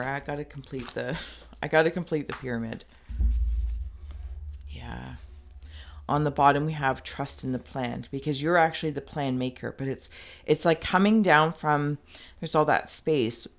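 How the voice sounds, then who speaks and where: A woman talks the viewer through a tarot reading in a rambling, meandering way, with plenty of "like." Her voice has a gravelly, creaky edge. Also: deep voice. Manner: speaks directly to the viewer. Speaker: tarot reader.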